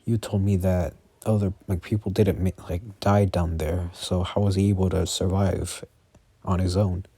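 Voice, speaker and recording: A man voicing a curious young male student who asks questions haltingly, in a plain reading. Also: deep voice, flat delivery, warm tone, breathy edge, dry recording.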